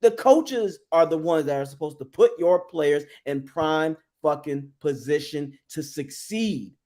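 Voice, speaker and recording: Co-hosting a live sports fan show, this man rants angrily and swears often while venting his frustration, fired up the whole time. His voice is a little high and a little mellow, animated yet unhurried.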